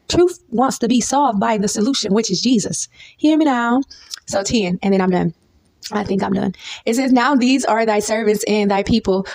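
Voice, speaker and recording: Jeune prédicatrice, accent du Sud des États-Unis, ton familier, monte haut dans l'aigu quand elle insiste, ponctue de « okay ? ». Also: female voice, moderate pace. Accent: Southern US. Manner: lively, says "okay?" often, leaps high when stressing a point. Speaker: preacher. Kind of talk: informal Bible teaching.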